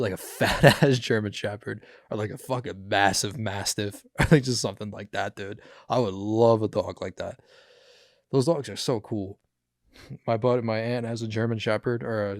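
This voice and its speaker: A man's voice: lowish voice, dry recording, studio quality. A young man hosting a podcast, chatting casually about news clips, rambling and swearing with many fillers. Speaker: podcast host.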